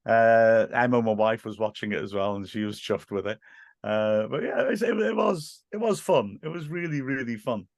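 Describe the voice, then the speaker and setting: A man with a Welsh accent, a guest on a podcast, chatting casually and telling animated stories with frequent restarts. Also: mid-range voice, moderate pace, creaky, dry recording, clean studio sound. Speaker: podcast guest, football commentator. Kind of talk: casual chat.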